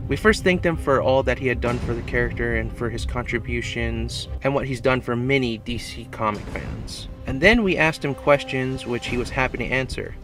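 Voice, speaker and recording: A man reading a scripted tribute narration in an earnest, reflective way. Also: mid-range voice. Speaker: video essay narrator. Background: music.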